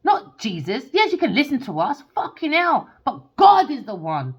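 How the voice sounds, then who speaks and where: Woman, angry monologue, heated and sweary, very animated pitch. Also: moderate pace, slightly rough, highs cut off. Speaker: tarot reader.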